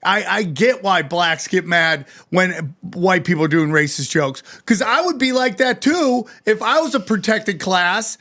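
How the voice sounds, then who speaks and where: A man with a notably high voice hosts a casual podcast, ranting with animated, profane energy. He keeps acting out both sides of imagined exchanges. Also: measured pace, hardly any pauses. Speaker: podcast host.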